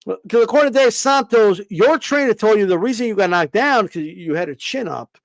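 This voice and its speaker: A man with a high voice rants through casual boxing commentary, swearing freely and stumbling over repeated words. He keeps throwing rhetorical questions at his listeners. The recording is dry and close, with no room sound. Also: lively intonation, brisk, creaky, no room sound. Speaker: boxing commentator on a live stream.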